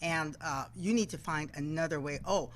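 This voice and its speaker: On a low-quality recording with slight hiss or hum, a low-pitched woman speaks at a moderate pace. She's a TV news anchor appearing as a guest in a relaxed interview, animatedly recounting stories and performing the voices of those she quotes.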